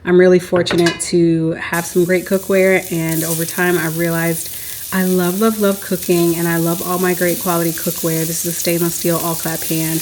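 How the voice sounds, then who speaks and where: A woman talks through her home cooking in a loose, chatty way, rambling from one thought to the next and laughing now and then. Her voice sits a little low for a woman. The sound of a pan frying and sizzling comes through clearly behind her. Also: flat delivery, normal speed, darkish tone, slight background noise, poor audio. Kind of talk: casual voice-over chat. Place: home kitchen.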